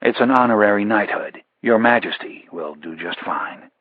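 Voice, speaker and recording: Brief: wry understated spy, husky voice, read by a man, dry close sound. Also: lowish voice, lively intonation, moderate pace, no echo, phone-quality sound. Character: sardonic male spy, dry wit.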